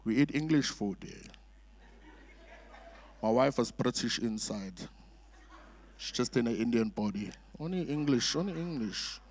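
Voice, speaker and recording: A middle-aged guest preacher speaks in a church sanctuary, unhurried and pausing often, his mid-range voice darkish in tone. The sermon unfolds as chatty storytelling with jokey asides and many "uh" fillers.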